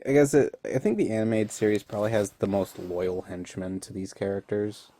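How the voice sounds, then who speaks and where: A man's voice: fairly low pitch, brisk, mellow. A young man casually recapping an episode, rambling and laughing often. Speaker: online reviewer.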